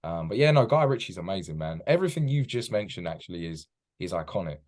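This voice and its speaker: A man's voice: deep voice, sing-song, quick pace, a little mellow. A man from England with a British accent, a chatty podcast guest on a video call who keeps saying mate. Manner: chatty, says "mate" often. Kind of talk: casual podcast chat.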